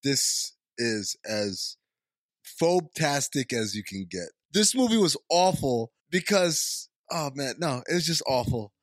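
A man's voice: medium pitch, very animated, a little slow, no echo, clean studio sound. A man co-hosting a movie podcast, ranting expressively and laughing in casual chat. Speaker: podcast co-host.

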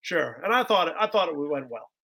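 A man in his twenties, a guest musician in a casual podcast chat, talking excitably and filling his speech with "bro" and "like". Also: fairly high pitch, fairly quick. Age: 20s.

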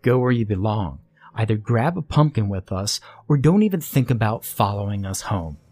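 A man's voice: fairly low pitch, animated, moderate pace, a little mellow, dry recording. A man voicing a cocky, cruel boy bully who taunts and sneers with overconfidence. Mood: taunting.

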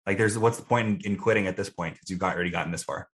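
A young man with a very low, deep voice answers questions in an easygoing, thoughtful way. He is casual and a little self-deprecating. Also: very fast. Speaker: guest.

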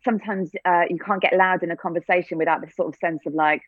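A woman's voice: fairly low pitch, fairly even intonation, fast, no echo. Brief: English woman actor, thoughtful interviewee, dry close sound, thin phone-like line. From England. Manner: reflective, many restarts and fillers, light laughs. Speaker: actor and theatre-maker. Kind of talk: conversational interview answers.

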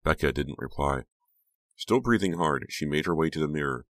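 A man reading a novel aloud as an audiobook narrator, in a steady, measured manner. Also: extremely low pitch, no room sound. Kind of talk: scripted narration.

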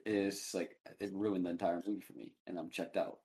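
A young man talks quickly in a loose, rambling way, filling his sentences with casual fillers as he goes. His voice sits a bit low, and he sounds easygoing and animated as he chats with friends. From New England. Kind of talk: casual chat.

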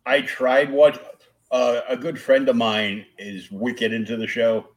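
A man with a mid-range voice hosts a casual chat. He asks his questions easily and conversationally, pausing on "uh" and "like" as he goes. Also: medium pitch, little pitch movement. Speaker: interview host.

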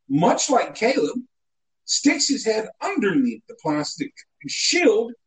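A man telling a comic story in a casual chat, animated and mock-indignant. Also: very high voice, poor audio.

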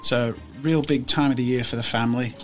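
A man playing a sturdy eleven-year-old farm boy, with a put-on northern English accent and a slow, drawn-out way of telling things. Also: medium pitch, fairly even intonation, a bit bright, faint music behind, pitched below the performer's own voice, natural voice. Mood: weary.

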